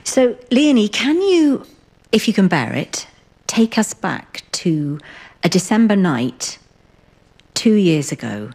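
A woman presenter narrating and interviewing in a lively, expressive way. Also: medium pitch, slow pace. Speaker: radio presenter.

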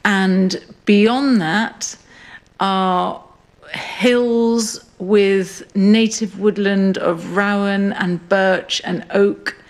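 A middle-aged woman, a farmer and writer, recalling events slowly and reflectively in a radio interview, recorded outdoors on a hill farm. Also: mid-range voice. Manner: slow, reflective storytelling.

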